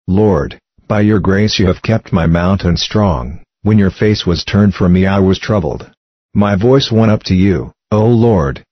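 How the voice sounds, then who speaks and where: A man reading psalms aloud in a steady, measured recited cadence. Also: deep voice, no echo. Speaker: scripture reader. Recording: dull, lo-fi dry recording.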